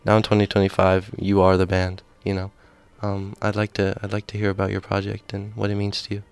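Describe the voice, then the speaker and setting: A man's voice: lowish voice, monotone, a little fast, vocal fry, clean tone, no echo. A man hosting a casual radio interview, earnest and agreeable, with rambling questions. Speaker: radio host.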